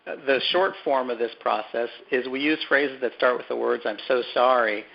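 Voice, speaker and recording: A man with a gravelly edge, mid pitch, talking things through slowly as an interview guest. He restarts phrases and repeats words while he thinks. The sound is dull and lo-fi. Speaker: author and guest. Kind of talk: conversational interview.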